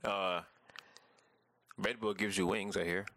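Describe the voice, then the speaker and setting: Laid-back man with a very deep, gravelly voice and a bright edge; hesitant, stammers, dry sound. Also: fairly even intonation, takes it slowly, no room sound. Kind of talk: casual chat.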